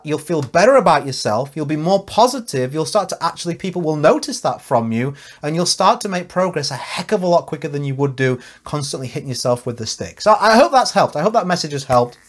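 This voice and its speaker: A man speaking to camera as a network marketing coach, giving an earnest, encouraging motivational talk with frequent restarts. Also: a little high.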